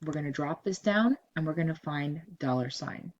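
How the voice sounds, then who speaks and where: A woman teaching a spreadsheet lesson over a screen recording, giving steady step-by-step instructions and repeating cell ranges as she goes. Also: deep voice, normal speed, highs cut off. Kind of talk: screen-recorded software tutorial.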